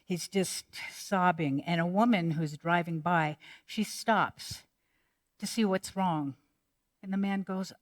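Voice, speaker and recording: A woman pastor giving a sermon, measured and reflective, turning playful when she tells jokes. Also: on the low side.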